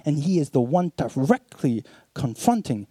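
A man preaching a sermon, swinging between hushed, low passages and emphatic, animated ones as he retells scripture. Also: normal speed, no room sound.

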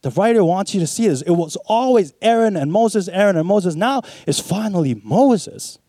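A man preaching a sermon, swinging between hushed, low passages and emphatic, animated ones as he retells scripture. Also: moderate pace, dry recording.

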